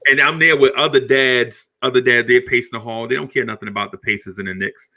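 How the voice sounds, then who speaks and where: A middle-aged man hosting a podcast. He tells a story in a casual, animated way, laughs often and keeps repeating words. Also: medium pitch, quick pace, vocal fry. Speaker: podcast host.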